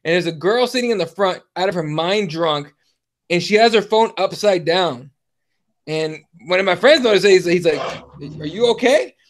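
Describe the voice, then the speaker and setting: Podcast host, thirties, high male voice, profane rambling storyteller. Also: normal speed. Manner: profane, rambling, lots of fillers. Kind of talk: casual chat, storytelling.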